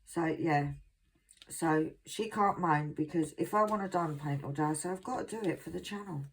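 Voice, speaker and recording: A middle-aged woman from England chatting casually to her viewers at home, self-mocking and quick to laugh. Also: low-pitched, slight background noise. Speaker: craft vlogger.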